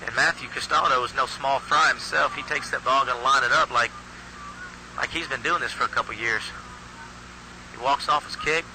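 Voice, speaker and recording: A man's voice: medium pitch, normal speed, bright, forceful tone. Male announcer, easygoing play-by-play, noisy field audio, mid-range voice. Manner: folksy, chatty, restarts phrases often. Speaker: youth football play-by-play announcer. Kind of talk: live sports commentary. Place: outdoor football field. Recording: noisy outdoor field recording.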